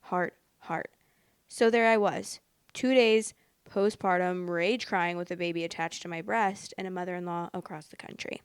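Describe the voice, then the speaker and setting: A young woman hosting a storytime podcast, reading posts aloud and reacting bluntly in a casual, expressive way. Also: lowish voice, normal speed, clean tone, no room sound, studio quality. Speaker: podcast host reading stories.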